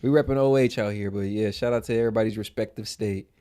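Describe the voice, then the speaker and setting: A man from Ohio with an Ohio accent co-hosting a casual livestream, hyping viewers with shout-outs and filling his talk with "man". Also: on the low side, fairly even intonation, quick pace, clean tone. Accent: American Midwest, Ohio. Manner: hypes viewers, frequent shout-outs, says "man" a lot. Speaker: livestream co-host.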